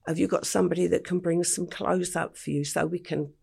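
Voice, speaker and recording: An older English woman, a podcast interview guest, retelling her past slowly and matter-of-factly with quoted dialogue. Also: fairly low pitch, steady tone, darkish tone. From England. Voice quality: gravelly, husky.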